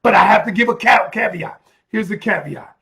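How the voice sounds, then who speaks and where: Speaking as a relationship coach, a man delivers an emphatic motivational talk in a high voice with vocal fry at a moderate pace. He repeats phrases and breaks into loud, heated stretches.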